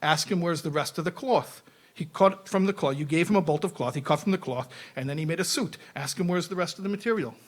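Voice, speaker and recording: Sly royal advisor played by a man, scheming, mocking, fairly high voice. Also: fast talker, natural voice.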